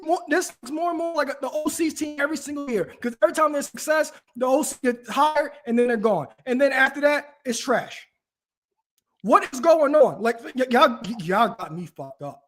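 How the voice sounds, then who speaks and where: A man's voice: extremely high pitch, animated, fairly quick, few pauses, fairly bright tone. A man hosting a casual talk show, ranting animatedly with frequent restarts. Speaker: podcast host. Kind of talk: casual chat.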